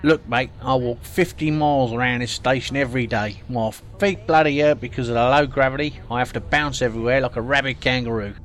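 A man's voice: medium pitch, steady tone, a little fast, few pauses, a bit bright, lightly acted. A man doing a brash Australian parking warden. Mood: gruff. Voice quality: brash, sweary and blunt. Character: foul-mouthed male space station parking warden.

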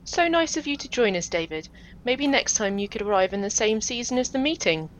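A woman's voice: fairly high pitch, expressive, a little fast, noisy background, close to an everyday voice. A woman voicing a sardonic, stern female station boss. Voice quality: dry and cutting.

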